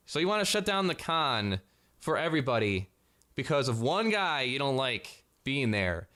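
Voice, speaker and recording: A man in the middle of an exasperated vlog rant, heavy on sarcasm and swearing. His voice sits at an ordinary middle pitch as he fires off mocking rhetorical questions. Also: sing-song, unhurried, bright, forceful tone. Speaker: vlogger. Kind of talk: commentary rant.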